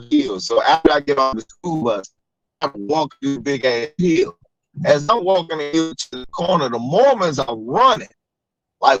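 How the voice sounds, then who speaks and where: Animated, profane male storyteller. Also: medium pitch, no echo, muffled recording. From Maryland, US. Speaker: co-host. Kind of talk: casual livestream chat.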